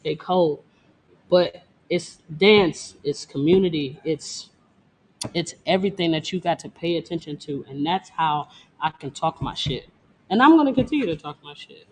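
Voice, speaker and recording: Woman dancer, brash and profane, quick laughs, no-nonsense. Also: deep voice, expressive. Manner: blunt, profane, boastful, laughs often. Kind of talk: casual interview talk. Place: Detroit.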